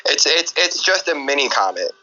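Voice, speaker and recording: A man cuts in excitedly during a stream chat, stumbling over repeated words. His voice swings widely in pitch and sounds bright, over lo-fi voice chat audio. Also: normal speed. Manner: stammering, excitable interjections. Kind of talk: casual voice chat banter.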